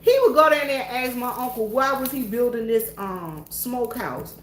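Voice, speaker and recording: This church worker, a Southern woman, speaks at a moderate pace in a fairly high, fairly bright voice, chatting folksily to her viewers from an empty church. The sound is roomy, with slight background noise.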